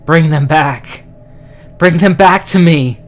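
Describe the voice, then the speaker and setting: A man voicing a desperate grieving former detective who shouts and pleads to get his family back. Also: on the high side, slow pace, soft background music, voice pushed up. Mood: desperate pleading. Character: desperate grieving ex-cop man, middle-aged.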